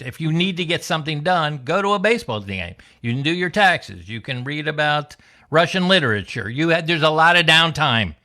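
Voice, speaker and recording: A man doing a wry, deadpan stand-up comedy set alone in his room, telling stories and singing silly songs. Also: mid-range voice. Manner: wry, deadpan storytelling with sung bits. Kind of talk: stand-up set over video call.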